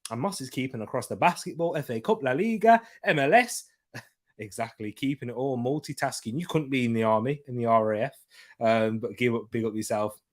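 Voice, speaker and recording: A young man hosting a live football watchalong, chatting casually with lots of slang and shout-outs as he reads viewer comments. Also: medium pitch, fairly quick. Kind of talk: live-stream chat, reading viewer comments.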